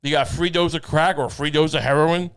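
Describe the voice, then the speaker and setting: A man's voice: on the high side, fairly even intonation, fast talker, a bit bright, clean tone. A man co-hosting a comedy podcast, riffing in a rambling, profane way with absurd jokes. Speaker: podcast co-host. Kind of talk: casual comedic podcast banter.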